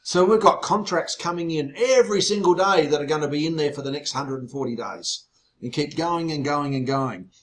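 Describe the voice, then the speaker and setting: A man hosting an online sales webinar, excitable and teasing, his voice growing loud as he gets worked up. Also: fairly high pitch, normal speed. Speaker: webinar host.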